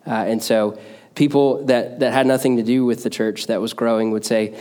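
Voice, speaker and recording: Male preacher, middle pitch, relaxed conversational sermon delivery with frequent fillers. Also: normal speed.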